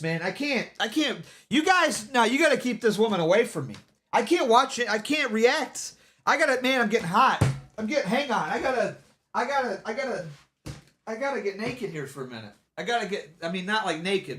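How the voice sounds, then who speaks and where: A man's voice: high-pitched, fairly bright tone. A man streaming live, talking loosely in casual commentary, rambling and restarting his sentences over and over. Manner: rambling, repeats himself, lots of restarts.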